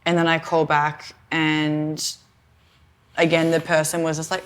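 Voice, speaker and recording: Chatty Australian woman, lowish voice. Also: little pitch movement, moderate pace. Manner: chatty storytelling with lots of "like". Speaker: podcast co-host. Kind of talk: casual chat.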